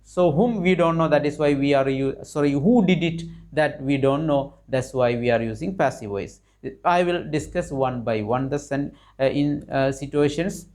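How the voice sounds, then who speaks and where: A man's voice: on the high side, normal speed, hardly any pauses, a little mellow. A man teaching an English grammar lesson, explaining with repetition, restarts and fillers, rising on questions to his learners.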